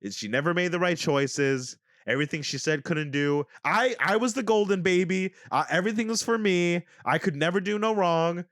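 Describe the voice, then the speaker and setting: A young man co-hosting a podcast in casual chat, swearing a lot and acting out quotes in loud bursts. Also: high voice, moderate pace, few pauses, dry recording, studio quality. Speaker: podcast co-host.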